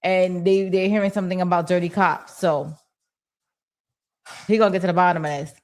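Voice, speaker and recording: Animated woman chatting on a livestream. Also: lowish voice, a little fast. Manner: animated and slangy, talks back to chat. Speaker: host of a TV recap livestream. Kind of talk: casual livestream chat reading viewer comments.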